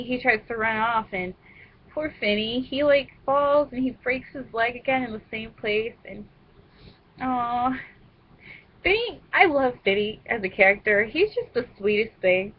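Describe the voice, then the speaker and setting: A young woman casually discussing a book she read, talking in an animated, rambling way. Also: on the high side, slightly rough, muffled recording. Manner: animated, rambling, laughs at her own jokes. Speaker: vlogger reviewing a book.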